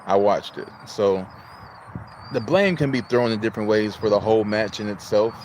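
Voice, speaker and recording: Speaking at a moderate pace, a man with a lowish, somewhat dark voice hosts a casual livestream, greeting viewers, chatting, and reading their chat messages aloud. He comes from Illinois, United States, and a little hiss or hum can be heard.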